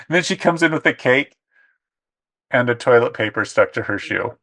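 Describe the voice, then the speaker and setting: A man co-hosting a relaxed podcast conversation, with a voice of middle pitch. He is animated and slips into exaggerated voices for the people he quotes. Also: normal speed. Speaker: podcast co-host. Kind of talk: casual chat.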